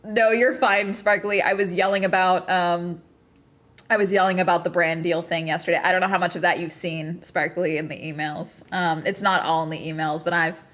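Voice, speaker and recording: A woman's voice: on the low side, steady tone, moderate pace, a bit bright. A woman streamer in casual livestream chat, still agitated and ranting with lots of swearing and bursts of laughter.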